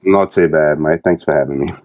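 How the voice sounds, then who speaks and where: An Australian man on a podcast as a guest, talking in a laid-back, halting way. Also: a bass voice, phone-quality sound, over a noisy crowd. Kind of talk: casual podcast chat.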